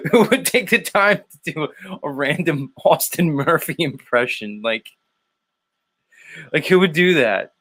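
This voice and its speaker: A man with a mid-range, fairly bright voice hosts a morning livestream, chatting casually as he reads out the chat. He laughs a lot and swears freely.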